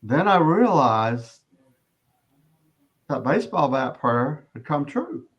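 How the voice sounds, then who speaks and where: A middle-aged man giving an earnest personal testimony as an interview guest, often halting and restarting his sentences. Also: mid-range voice, sing-song, husky, muffled recording.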